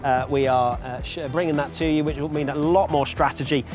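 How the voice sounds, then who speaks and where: Guy hosting a racing esports show, bit high voice, upbeat and teasing, soft music behind. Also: fairly even intonation, a little fast. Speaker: show presenter. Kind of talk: presenting an esports broadcast.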